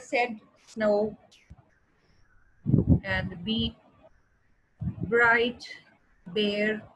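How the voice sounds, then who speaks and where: A woman teaching an English grammar lesson, explaining patiently and repeating examples slowly. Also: fairly high pitch, fairly bright tone, husky, rough recording. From Pakistan. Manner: explaining patiently with repetition, slowing to spell out words. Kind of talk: classroom lesson.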